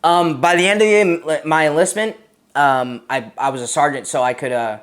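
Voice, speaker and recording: Male veteran guest, 30s, Massachusetts accent; relaxed, profane, rambling storyteller. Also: a little high, a little fast. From Massachusetts, USA. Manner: profane, rambling, laid-back, frequent "man" and "you know". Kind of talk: casual storytelling interview.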